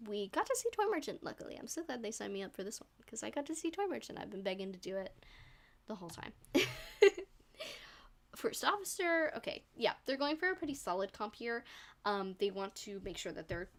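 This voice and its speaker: A woman's voice: medium pitch, big pitch swings, brisk. A young woman doing solo live commentary on an esports match, chatty and bubbly, often laughing at herself.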